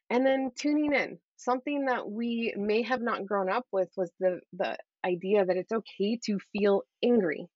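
A woman's voice: mid-range voice, darkish tone, dry recording. Woman, middle-aged, interview guest, earnest, encouraging, conversational, muffled lo-fi sound, dry close recording. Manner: earnest and encouraging, often tags "right?". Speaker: guest, Christian parenting coach.

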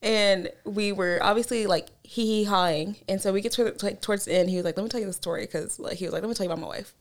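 Young woman podcast co-host, loose and chatty, curses easily, laughs a lot, medium-pitched voice. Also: fast. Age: young adult. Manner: animated storyteller, swears freely, laughs often. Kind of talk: casual chat.

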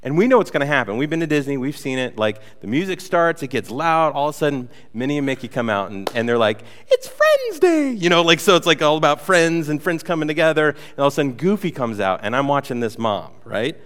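Man, pastor, conversational sermon, playful animated storyteller, somewhat high voice, long church-hall reverb. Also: fast, hardly any pauses.

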